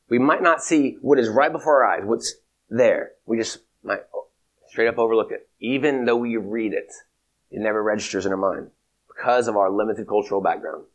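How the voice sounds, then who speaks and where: Man, theology lecture, measured and emphatic, repeats key points, mid-pitched voice. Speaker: teacher.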